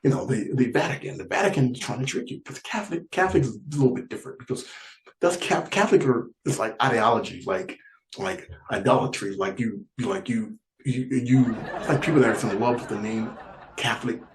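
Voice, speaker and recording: Male stand-up comic, mid-pitched, rambling delivery, repeats and laughs mid-line; echoey room, faint hiss. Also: brisk. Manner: rambling and repetitive, laughing through lines. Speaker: stand-up comedian. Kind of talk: stand-up comedy set.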